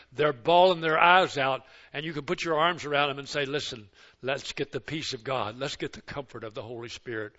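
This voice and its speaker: An older man preaching a sermon, folksy and story-driven. He swings between loud, emphatic exhortation and slow, hushed passages. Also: on the high side. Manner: folksy storytelling that acts out others' words. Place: church service. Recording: muffled lo-fi recording.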